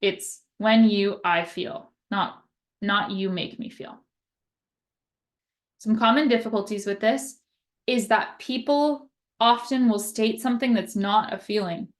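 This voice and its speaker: A woman's voice: on the high side, unhurried. A young woman occupational therapist explaining communication skills in a casual, conversational way, often checking in with "right?" and acting out example phrases.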